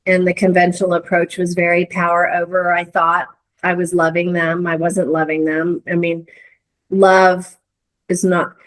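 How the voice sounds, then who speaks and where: A middle-aged woman, a guest in a conversation, telling a reflective story with many restarts and searching pauses. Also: lowish voice, completely flat delivery, rough recording. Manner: earnest, searching, lots of hedges and restarts. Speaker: interview guest.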